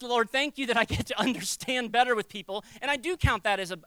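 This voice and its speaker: A man preaching a sermon as a pastor, conversational and animated, acting out little quoted voices. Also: sits high, clear, resonant tone, no echo.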